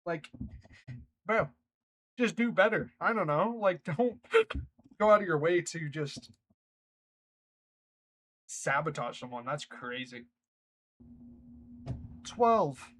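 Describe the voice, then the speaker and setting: A man's voice: a little high, slow, long pauses, fairly bright tone, low-quality recording. A man reading online workplace stories aloud, breaking off for chatty reactions. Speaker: reddit story narrator.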